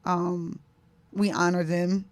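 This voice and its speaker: Low-voiced chatty woman co-host. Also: flat delivery, slow pace. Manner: chatty storyteller, many fillers. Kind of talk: casual live show chat.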